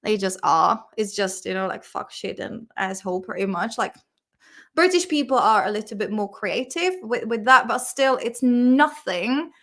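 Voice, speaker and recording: Hosting a relaxed, chatty conversation, a young woman from the Czech Republic speaks with a Czech accent, as her native language is Czech, often dissolving into giggles and using lots of fillers. She sounds animated and a bit bright, with a mid-range voice at a moderate pace.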